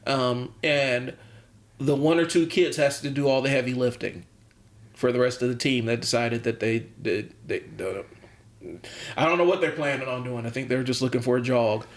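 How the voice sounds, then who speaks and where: On a casual coaching podcast he co-hosts, a basketball coach rambles along, full of ums and restarts, now and then chuckling. He speaks at a moderate pace with medium pitch, in a room with an echoey sound.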